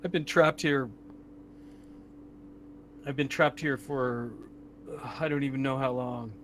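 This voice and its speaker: A man's voice: mid-range voice, steady tone, fairly bright tone, a little hiss or hum, close to an everyday voice. A man voicing a frantic trapped older woman. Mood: frantic pleading. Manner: panicked, pleading, rushed. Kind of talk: game master voicing a character.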